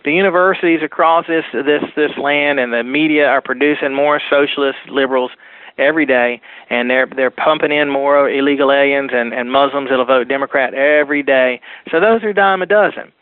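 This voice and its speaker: A man guest on a political talk radio show, calling in and talking fast and insistently in long run-on sentences. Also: medium pitch, no echo. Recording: phone line.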